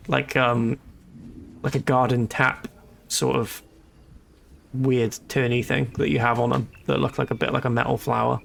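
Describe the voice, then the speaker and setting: A man chats loosely through a live game stream, joking and laughing often. His voice sits mid-range with a gravelly edge. A faint hiss sits behind him. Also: mid-range voice. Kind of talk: casual live-stream chat while gaming.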